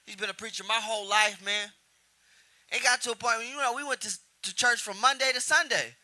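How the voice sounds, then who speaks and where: A man in his twenties doing a profane stand-up comedy set, telling stories and shouting out quoted lines. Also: extremely high pitch, brisk. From Houston area. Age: 20s. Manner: brash, profane storytelling with loud acted-out quotes. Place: comedy club stage.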